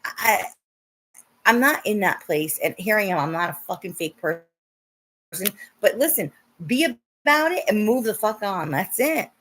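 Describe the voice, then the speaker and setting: A woman's voice: medium pitch, lively intonation, normal speed, fairly bright tone. A young woman livestreaming and chatting with her viewers, laughing often and swearing when she gets upset. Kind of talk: casual livestream chat.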